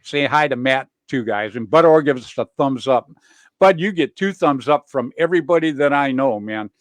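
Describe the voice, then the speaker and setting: A man hosting a casual online show, rambling and laughing as he gives shout-outs to friends. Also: mid-range voice, normal speed, dry recording. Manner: rambling, laughing, swears freely. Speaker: host. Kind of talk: casual chat.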